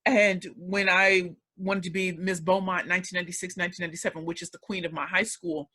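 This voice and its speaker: This interview guest is a woman in her forties from around St. Louis in the United States, telling her life story. Her fairly low voice is bright and forceful, level in tone and quick in pace. She is emotional and emphatic, and she repeats herself a lot.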